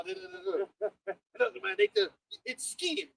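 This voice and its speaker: A young man, chatting casually and preaching in a lively, slangy way with frequent laughter. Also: very high-pitched, a little slow, creaky, low-quality recording. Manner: animated, slangy, laughing often. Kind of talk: casual chat.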